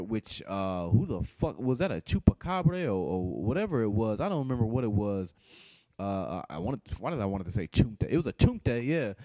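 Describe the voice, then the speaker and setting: A man's voice: on the low side, warm tone, no echo. Profane, rambling man reviewing a film. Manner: profane, blunt, rambling with many restarts. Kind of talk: casual spoken movie review.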